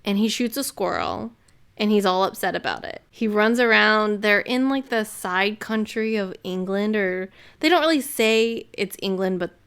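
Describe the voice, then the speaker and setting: A woman's voice: mid-range voice, expressive, moderate pace, fairly bright tone, smooth. An American woman co-hosting a podcast, chatting bluntly and casually about a film she watched, swearing freely. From United States. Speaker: podcast co-host reviewing films. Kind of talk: casual chat.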